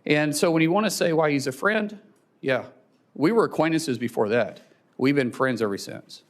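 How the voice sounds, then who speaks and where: A man with an Oklahoma accent and a mid-pitched voice gives emotional testimony at a hearing. He speaks haltingly, repeating words as he chokes up. He is heard through a desk microphone in a hearing room. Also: animated.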